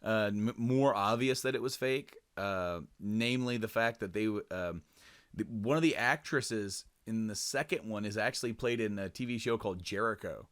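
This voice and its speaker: The voice of this young male podcast co-host sits on the low side and sounds a bit bright, moving at normal speed. Chatting casually, he rambles with many fillers and restarts, curses freely, and raises his voice to play out quoted lines.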